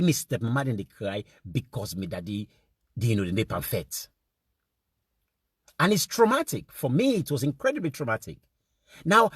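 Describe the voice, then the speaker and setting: In a clean studio recording with no room sound, a fairly high, husky-voiced man with a Sierra Leonean accent rails passionately at his fellow men. He mixes Krio phrasing into his English and hammers points home by repeating words.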